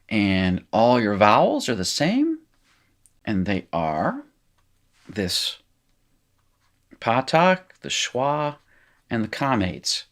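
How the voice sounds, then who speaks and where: A middle-aged man teaching biblical Hebrew, working through exercises in a loose, self-correcting way while writing. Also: lowish voice. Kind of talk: informal recorded lecture, working exercises.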